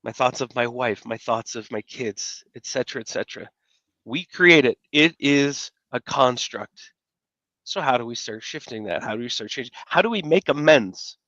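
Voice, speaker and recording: A man talks in a loose, rambling storytelling way, often restarting his sentences and chuckling as he goes. His voice is recorded dry and close, with a dull, slightly muffled tone. He speaks at a middle pitch, as a host running a relaxed conversation. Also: moderate pace, no room sound. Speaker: podcast host. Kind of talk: casual conversational interview.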